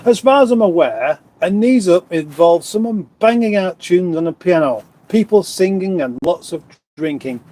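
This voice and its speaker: English guy rambling to his livestream chat off a phone, mellow voice, kinda highish, dry close sound. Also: expressive, normal speed. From England (born in Surrey). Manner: rambling, self-deprecating, talks straight to viewers. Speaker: livestream host. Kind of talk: casual live-stream chat, reading comments. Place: home kitchen, indoors. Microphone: phone on a stand.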